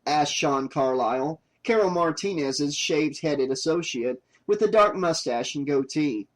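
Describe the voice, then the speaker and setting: A man narrating an audiobook in a steady, even reading voice. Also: on the high side, a little slow, low-quality recording. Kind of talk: scripted narration.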